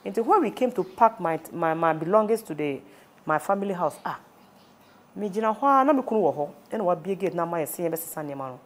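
Speaking fast with lively intonation and a lowish voice, a Ghanaian-accented woman shares an emotional testimony as an interviewee. She moves between Twi and English while recounting something painful from her life.

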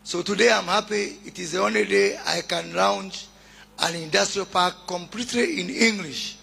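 A man with a Kenyan accent giving a deliberate, oratorical public speech as a government minister at a launch event, calling out greetings to the crowd. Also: high-pitched, creaky, bright, forceful tone, breathy edge.

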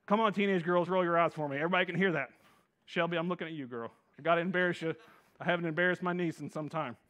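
A male pastor preaching a sermon in a playful, animated storytelling way, joking with and drawing in the congregation. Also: on the high side, very fast.

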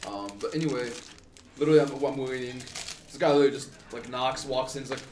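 A man's voice: medium pitch, fairly even intonation, fast, a little mellow, slight background noise. A man co-hosting a podcast, telling a story casually, full of "like" and "um". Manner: rambling, heavy on "like" and "um". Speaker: podcast co-host. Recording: roomy, distant mic.

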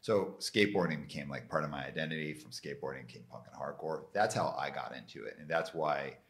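A man from Canada hosting a podcast interview, telling an anecdote in an animated way and laughing along with his own story. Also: rumbling low, brisk. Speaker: podcast host. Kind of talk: casual interview chat.

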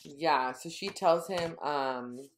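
Woman podcast co-host with a deep, low voice, casual recap with murmured quotes. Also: slow, slight background noise. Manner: retells scenes, quoting dialogue in a low murmur. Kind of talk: casual book-recap chat.

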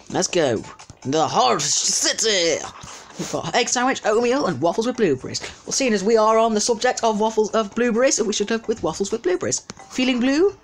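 A man giving casual let's-play commentary, chatty and easily distracted, talking back at the game's customers. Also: sits high. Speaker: gameplay commentator.

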